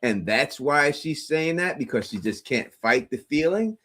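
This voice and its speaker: A man's voice: on the high side, animated, measured pace, bright, forceful tone. A man co-hosting a casual recap show, talking bluntly in profane street slang. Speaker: podcast co-host.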